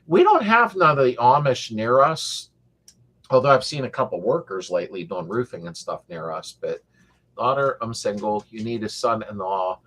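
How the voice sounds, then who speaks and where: A man's voice: mid-range voice, very animated, moderate pace, a bit bright. A middle-aged man hosting a casual live-stream chat, rambling and joking as he reads viewer comments aloud. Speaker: host of a car restoration channel live chat.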